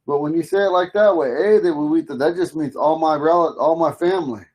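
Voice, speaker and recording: A middle-aged man teaches a language class over a video call. His voice sits a little high for a man, and he talks in a relaxed way, going over each phrase slowly and saying it again. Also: rough recording.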